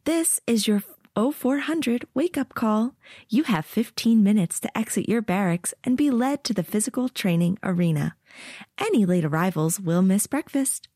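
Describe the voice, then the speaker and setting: A woman's voice: mid-range voice, lively intonation, normal speed, warm tone, dry recording, studio quality, voice pushed up, lightly acted. A woman voicing an annoyingly cheerful female announcer making wake-up calls over a hallway speaker in a storybook reading. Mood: chipper.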